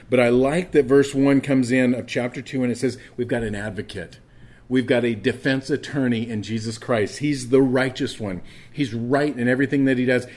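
Earnest male pastor preaching a sermon. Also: mid-range voice. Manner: earnest, with frequent restarts and stammered repeats.

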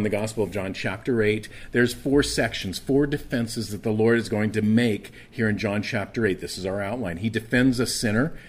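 A man preaching a sermon as pastor, earnest, restarting his sentences and slowing down for key words. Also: on the low side. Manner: earnest, with frequent restarts and stammered repeats.

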